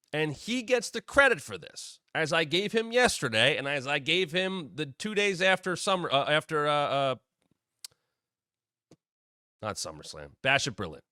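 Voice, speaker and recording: A man's voice: fairly high pitch, sing-song, unhurried, bright, forceful tone, no room sound, clean studio sound. A man hosting a wrestling podcast, talking in a blunt, opinionated way with casual swearing. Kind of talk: opinionated commentary.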